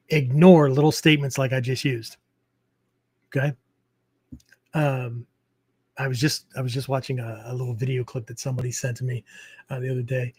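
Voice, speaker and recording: A man's voice: medium pitch, flat delivery, normal speed, pauses often, a little mellow, husky, no echo. A man hosting a martial arts podcast, explaining ideas in a loose, rambling way with many fillers and frequent "okay?" check-ins. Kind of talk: casual teaching talk.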